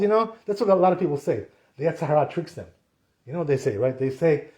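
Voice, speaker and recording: A man with a fairly high voice leads a relaxed Torah lesson and talks straight to his listeners. He keeps it conversational, drops "you know" into nearly every sentence, and acts out what people say. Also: fast talker. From Sephardic Jewish community. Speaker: Torah teacher. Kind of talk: casual Torah class.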